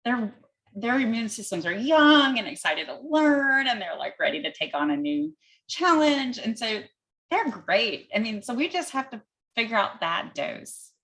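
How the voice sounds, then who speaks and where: A woman's voice: fairly high pitch, very animated, measured pace, a bit bright, rough recording. A woman physician answering audience questions, explaining step by step in plain words with everyday comparisons and an occasional "um" as she thinks aloud.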